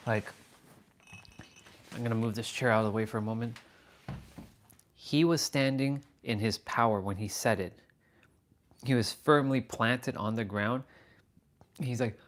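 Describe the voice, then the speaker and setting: A man's voice: mid-range voice, a bit bright. A man hosting a casual livestream, telling a story animatedly and answering viewer comments. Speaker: livestream host.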